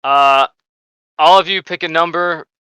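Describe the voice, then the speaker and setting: A man runs a tabletop game, narrating in a loose, rambling manner. His voice sits slightly high and very bright, and clear in a dry room. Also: unhurried, no room sound. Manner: casual, rambling with fillers. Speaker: game master.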